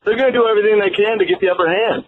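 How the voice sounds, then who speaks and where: A man calling in to a sports radio show, talking casually and pausing with fillers as he tells his story. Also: high-pitched. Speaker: caller. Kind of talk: call-in phone chat. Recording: tinny phone line with faint noise.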